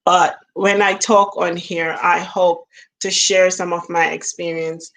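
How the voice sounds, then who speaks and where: A woman's voice: fairly low pitch, little pitch movement, measured pace, fairly bright tone, a little hiss or hum. A middle-aged woman from Jamaica with a Jamaican accent, talking to camera in a casual, musing vlog, trailing off and laughing at herself. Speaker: vlogger. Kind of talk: casual reflective monologue.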